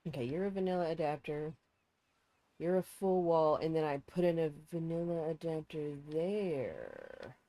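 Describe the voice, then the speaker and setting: A woman's voice: low-pitched, very animated, unhurried, dark tone. Chatty woman streamer with a sore throat. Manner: chatty, self-mocking, thinking aloud. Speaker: game streamer. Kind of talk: casual building-game stream chat.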